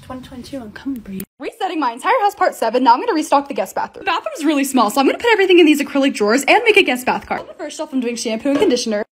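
A young woman vlogger narrating her home organizing projects in a chatty, excitable voice-over with quick asides. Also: sits high. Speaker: lifestyle vlogger.

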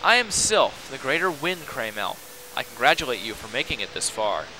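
A man's voice: mid-range voice, very animated, moderate pace, lightly acted. Sylph, a man voicing a childish wind spirit. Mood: lofty. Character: childish male wind spirit, lofty and teasing. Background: game music.

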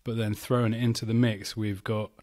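Man with a lowish voice, guest on a home-recorded chat podcast, playful and jokey. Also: level tone, brisk, dark tone. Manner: jokey, trying out regional accents. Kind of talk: casual chat. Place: living room of a flat, indoors.

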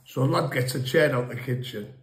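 A man's voice: mid-range voice, a little fast, vocal fry. A man casually telling rambling, funny stories about his past, laughing and swearing as he goes. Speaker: storyteller guest. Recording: echoey room.

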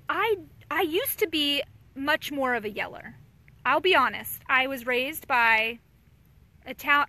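A woman in her thirties hosts a casual live chat for viewers. Her voice sits high and sounds bright and forward. She talks candidly and chattily and answers viewer comments as they come in. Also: dry recording. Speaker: mother hosting a live chat.

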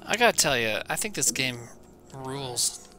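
A man's voice: mid-range voice, big pitch swings, moderate pace, sharp tone, slight background noise. A man streaming a video game, rambling to his chat in a self-mocking way while he plays. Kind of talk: casual gaming stream chat.

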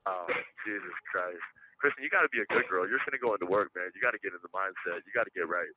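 A man's voice: sits low, quick pace, background noise. A man on a phone call from jail, pleading and joking in casual slang. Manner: pleading, laughing, slangy, animated. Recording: tinny prison phone line.

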